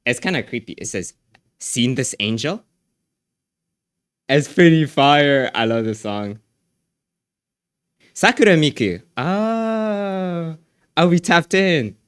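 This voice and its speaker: A man's voice: medium pitch, animated, measured pace, a bit bright, no echo, studio quality. A young man streaming live, chatting casually in a rambling, slangy way with lots of restarts.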